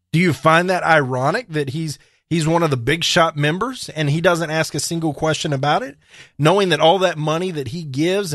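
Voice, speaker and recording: A man's voice: a little high, fairly bright tone, dry recording, clean studio sound. Emphatic man hosting talk radio. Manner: emphatic, opinionated, sarcastic asides. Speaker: radio talk show host. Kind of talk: political commentary monologue.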